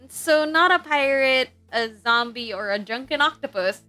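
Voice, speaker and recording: A woman's voice: high voice, moderate pace, sharp tone, soft background music. A woman streamer reading a visual novel aloud in a dramatic, earnest way. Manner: earnest, self-conscious, giggly asides.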